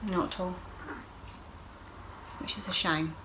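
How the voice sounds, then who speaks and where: A middle-aged woman talks through her week in a casual video diary, her voice sitting low and warm. She is open and emotional, often laughing between lines. A faint hiss sits under the recording. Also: little pitch movement, takes it slowly. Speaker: vlogger.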